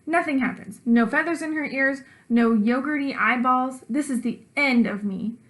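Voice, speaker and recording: A woman teacher reads a children's book aloud with expressive storytelling. Her voice sits a little high, and she pauses to ask her young listeners questions.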